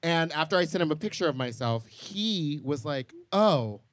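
A man co-hosting a live podcast, telling bawdy stories in an animated way, a bit drunk and laughing often. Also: on the high side, moderate pace, dry recording. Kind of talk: live podcast banter, storytelling. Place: live show at a poolside venue.

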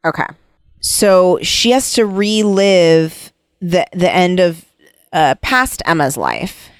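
A woman in casual conversation retelling a novel's plot, now and then reading passages aloud in a soft voice. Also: on the low side, very animated, takes it slowly, no echo, clean studio sound. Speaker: book discussion co-host. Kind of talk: casual chat.

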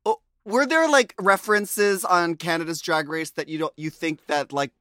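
Give me a chatty male podcast co-host with a bright voice and dry sound. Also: on the high side, moderate pace, clean tone, no room sound. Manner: chatty, eager, full of fillers. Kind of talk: casual chat.

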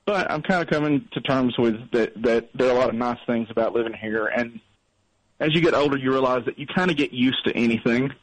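Still getting over being sick, a man from North Alabama, USA, calls a radio show and rambles in a wry, self-deprecating, casual way. His mid-range voice runs a little fast, and the audio is poor.

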